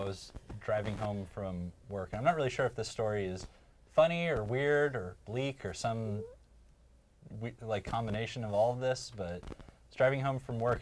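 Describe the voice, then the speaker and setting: A man's voice: fairly low pitch, moderate pace, a little hiss or hum. A man in a band, telling a story in a rambling, hesitant way. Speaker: band member. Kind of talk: casual storytelling.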